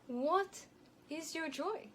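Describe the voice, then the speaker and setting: A woman with a light, elocution-trained non-native accent gives a measured, emphatic advice monologue to camera as an image and style consultant. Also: high voice, expressive, a bit bright, slight background noise, poor audio.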